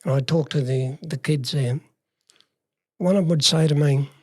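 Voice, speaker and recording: This clean studio recording, free of echo, features a mellow, somewhat high male voice at ordinary speed. The speaker is an older Australian-accented man from regional Western Australia, a conversation guest recounting his youth-work days at length in simple language and performing past exchanges.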